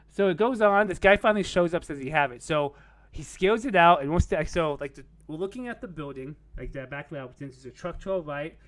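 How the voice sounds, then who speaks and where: A young man casually telling a rambling story on a podcast. He peppers it with "like" and curse words and laughs at his own tale. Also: on the high side.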